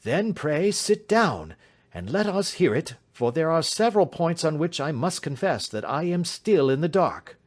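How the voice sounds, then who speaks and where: A man's voice: a little high, measured pace, pitched above the performer's own voice. A man voicing a keen, commanding male detective in an audiobook reading. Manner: crisp, authoritative, animated.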